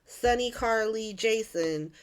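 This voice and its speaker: A woman hosting a casual recap, animated and profane, acting out every character. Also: fairly high pitch, takes it slowly. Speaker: host. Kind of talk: casual soap opera recap.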